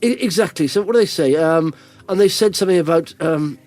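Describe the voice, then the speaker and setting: A man's voice: fairly high pitch, a little fast, darkish tone, no room sound, soft background music. A man hosting a podcast, telling rambling stories full of restarts and fillers in a casual chat. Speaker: podcast host.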